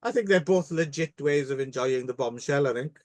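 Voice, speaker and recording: A man's voice: mid-range voice, normal speed, no echo. A man co-hosting a podcast, chatting casually and making wry remarks. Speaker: podcast co-host. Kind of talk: casual chat.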